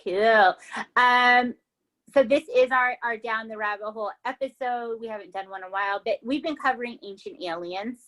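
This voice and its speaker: A woman from the United States hosting a casual podcast, enthusiastic and quick to laugh. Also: a little high, a bit bright, rough recording. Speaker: podcast host.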